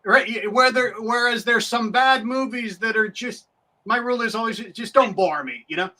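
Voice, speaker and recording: A man's voice: very high voice, moderate pace, sharp tone, slight background noise. A man who is a guest on a podcast, chatting casually and animatedly about a film, often restarting his sentences.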